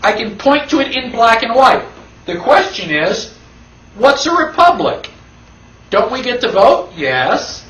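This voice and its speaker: Man, classroom lecturer, high-pitched voice, emphatic, rhetorical questions, echoey room, distant mic. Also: big pitch swings, measured pace, fairly bright tone. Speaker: constitution class instructor. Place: classroom with an audience.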